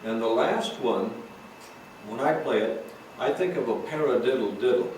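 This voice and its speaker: A man teaching a drum lesson, calmly explaining rudiments and counting out stickings. He sits well away from the microphone, so his voice rings through a very echoey room. Steady background noise runs under his speech. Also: mid-range voice, moderate pace. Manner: calls out stickings while playing. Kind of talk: recorded drum lesson, talking between demonstrations. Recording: roomy echo, far from mic, noisy.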